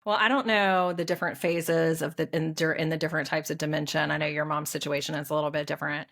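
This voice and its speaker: A middle-aged woman talks in a somewhat low voice. She shares caregiving stories easily, with plenty of fillers and ready agreement. Her tone is relaxed and conversational. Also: fast talker. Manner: easygoing, filler-heavy, agreeable. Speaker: family caregiver. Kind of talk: casual conversation.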